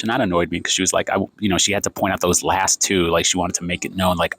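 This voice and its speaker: A man's voice: low voice, quick pace, few pauses, a bit bright, no echo. A man in his fifties ranting sarcastically in a vlog, filming himself on a phone in a café. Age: 50s. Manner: exasperated, sarcastic, rambling. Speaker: vlogger. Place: café, indoors.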